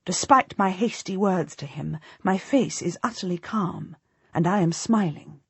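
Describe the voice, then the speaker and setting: A woman reads a first-person historical audiobook with measured, dramatic storytelling. Her voice is slightly breathy, and the recording is dry and close. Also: lowish voice, darkish tone, no echo. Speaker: narrator.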